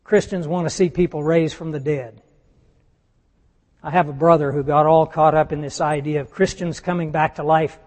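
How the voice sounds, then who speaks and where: A high-pitched man preaches with emphatic force and asks his listeners question after question. His voice rings through the long reverb of a large church hall. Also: fairly even intonation, moderate pace, darkish tone. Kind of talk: sermon.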